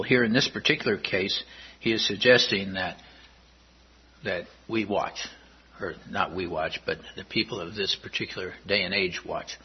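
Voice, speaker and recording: A man with a husky, rather low voice preaches verse by verse, pausing to read each passage slowly and explain it. The recording is dull and lo-fi. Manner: measured Bible exposition, reads verses slowly. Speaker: pastor. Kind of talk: sermon.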